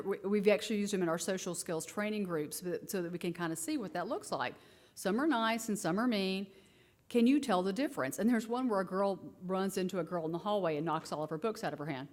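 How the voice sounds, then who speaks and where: A woman presenting research to parents in a casual, conversational conference talk, full of fillers and animated asides. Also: mid-range voice. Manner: animated storytelling, acting out quoted kids and herself; casual and conversational, many fillers like "you know" and "like".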